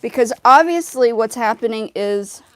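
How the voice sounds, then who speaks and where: A woman musician hosting a casual livestream, talking in an animated way, laughing often and repeating herself. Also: on the high side, normal speed.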